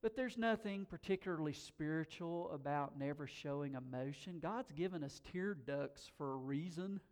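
A man's voice: on the high side, moderate pace, darkish tone. A middle-aged man preaching a sermon as a pastor, conversational and emphatic, often repeating words as he goes.

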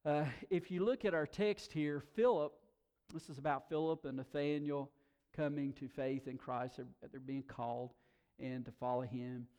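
A man preaching a sermon in a folksy, casual way, talking slowly and dropping asides like "man" and "you know.". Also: medium pitch, steady tone, a little mellow, clean tone. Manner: slow-talking, by his own account. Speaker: pastor.

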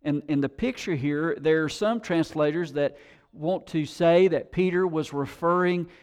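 A male pastor preaching a sermon, telling stories with animated emphasis and rising intensity. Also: on the high side, a little slow, clean tone.

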